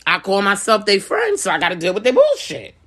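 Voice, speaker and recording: A middle-aged woman talks through her advice in a casual, blunt way, pressing each point and circling back to it. Her pitch swings up and down a lot as she speaks, and the middle of her range sits at an ordinary height. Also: huge pitch swings, brisk, fairly bright tone. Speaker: business owner.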